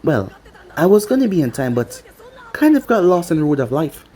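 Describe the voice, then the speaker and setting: A reader voicing a brash, cocky young male ninja leader who talks loud and irreverent. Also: medium pitch, sing-song, normal speed, some chatter behind.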